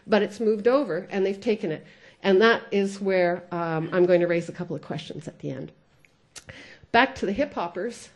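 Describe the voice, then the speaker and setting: A woman giving a conference lecture as a sociolinguist, thoughtful, often pausing with "uh" and slipping between English and French. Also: mid-range voice, lively intonation, a little mellow.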